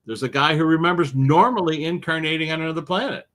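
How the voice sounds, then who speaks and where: Man, author guest in an interview, animated storyteller, lively swings in tone, slightly higher pitch. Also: quick pace. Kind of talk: interview conversation.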